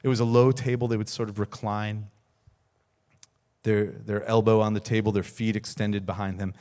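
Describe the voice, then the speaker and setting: A man's voice: lowish voice, little pitch movement, moderate pace, a little mellow. A man, a pastor, preaching a sermon, telling a story earnestly with repeated words and rising emphasis.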